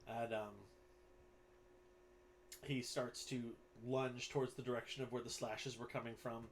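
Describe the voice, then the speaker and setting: As game master for a tabletop game, a man narrates in a mid-pitched voice, speaking casually with fillers and an occasional swear word. His delivery is flat and slightly slow, with a faint hum in the background.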